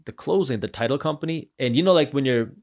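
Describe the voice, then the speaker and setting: A man guest on a podcast, telling his stories with animated energy. He jumps into quick impressions of the people in them, and his voice sits at an ordinary middle pitch. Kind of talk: animated storytelling.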